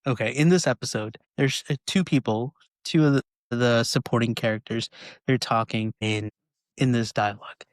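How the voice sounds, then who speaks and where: A man's voice: medium pitch, steady tone, moderate pace, no room sound. A man hosting a podcast, chatting casually and often checking in with "right?". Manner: conversational, frequent "right?" tags. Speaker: podcast host.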